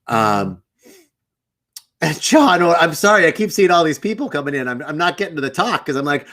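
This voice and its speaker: A man's voice: a little high, very animated, fast, sharp tone. A middle-aged man hosting a spiritual live stream, chatting casually, greeting viewers by name and telling a candid story.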